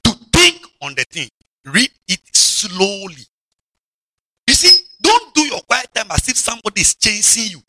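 Man, bishop preaching, high and very bright voice, mocking, shouts for emphasis. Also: wildly swooping pitch, moderate pace, dry recording. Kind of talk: lively sermon.

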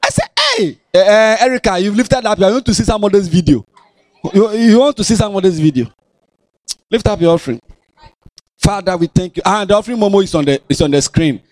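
The pastor, Ghanaian-accented, speaks briskly in a high voice with no room sound. Animated and playful, he scolds and ribs his congregation through the sermon.

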